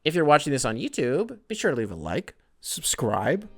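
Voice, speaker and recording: Bright-voiced rambling young podcast host man. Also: fairly high pitch, huge pitch swings, fast, soft background music. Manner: rambling, profane, self-deprecating. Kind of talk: solo casual podcast rant.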